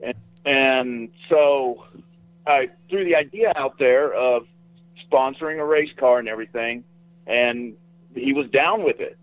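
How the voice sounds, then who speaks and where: A man's voice: mid-range voice, measured pace, dry recording, phone-quality sound. A man, a guest, telling long rambling stories in a casual interview, often repeating himself.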